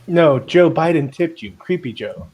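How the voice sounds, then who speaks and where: A man's voice: a little high, animated, a little slow, a little mellow, breathy edge. A man joining a game stream's voice chat as a friend, making dry, matter-of-fact remarks. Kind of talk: casual voice chat.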